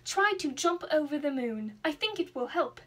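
A woman's voice: high voice, sing-song, normal speed, a bit bright. A woman voicing an impatient, bossy king in a storybook reading. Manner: brusque and bossy.

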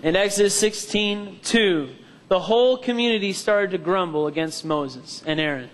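High-voiced male preacher in a reverberant hall. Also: moderate pace, a bit bright. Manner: preaches with testimony and calls for amens from the congregation. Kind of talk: sermon.

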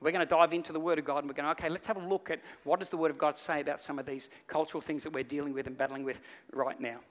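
A male pastor preaching a sermon, telling stories with lively acted-out voices. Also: on the high side, rapid-fire. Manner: animated storytelling, acts out voices in the story. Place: church hall. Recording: reverberant church hall.

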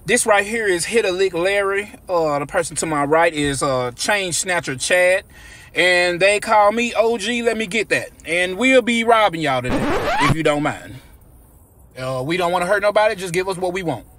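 A man performing a comedy skit, talking in slang and swinging into loud shouted outbursts. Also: high-pitched, expressive, moderate pace. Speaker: comedy sketch creator. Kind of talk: skit with character voices.

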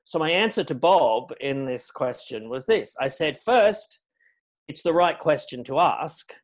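Measured man giving a lecture. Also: a little high, lively intonation. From Australia. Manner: measured, anecdotal, stresses key words. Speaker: guest speaker on foreign policy. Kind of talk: public lecture.

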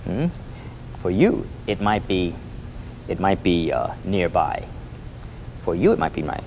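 A man teaching a lively Spanish lesson, repeating phrases for students to echo and coaxing them with a questioning "Hmm?". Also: low voice, a little slow, vocal fry, a little hiss or hum. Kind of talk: lively spoken language lesson.

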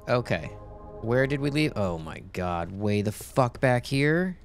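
A man's voice: medium pitch, animated, measured pace, creaky, loud music behind the voice. A man casually commenting while playing a horror game, rambling, reading game text aloud and swearing when startled. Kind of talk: casual let's-play commentary.

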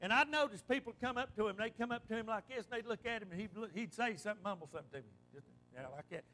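A man's voice: sits high, rapid-fire, bright, forceful tone. A man from western North Carolina with a Southern Appalachian accent, preaching a folksy storytelling sermon in church.

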